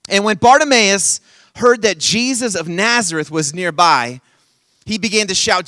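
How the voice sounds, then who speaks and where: A male camp speaker preaches with lively, swinging pitch and a bright, forceful edge. His voice sits a little high for a man and sounds close and dry. He plays with the audience and coaxes them to shout back. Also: moderate pace, no echo. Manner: animated, playful, coaxing the audience. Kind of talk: energetic youth sermon with crowd call-and-response. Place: camp conference session.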